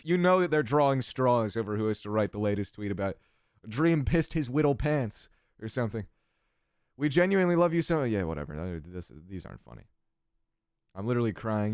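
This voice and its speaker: A man's voice: fairly low pitch, clear, resonant tone, no echo, clean studio sound. A man casually reading chat on his livestream, sardonic and crass, swearing freely.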